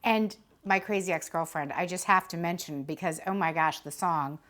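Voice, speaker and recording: A woman's voice: on the low side, normal speed, fairly bright tone. A woman hosting a TV book interview, asking enthusiastic, admiring questions. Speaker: host. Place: TV studio.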